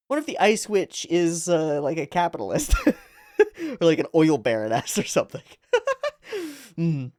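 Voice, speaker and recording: A man's voice: fairly high pitch, animated, moderate pace, long pauses, darkish tone, no room sound, clean studio sound. A man reading a comic aloud and riffing on it in jokey, casual commentary, laughing often. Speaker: comic reader. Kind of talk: casual read-along commentary.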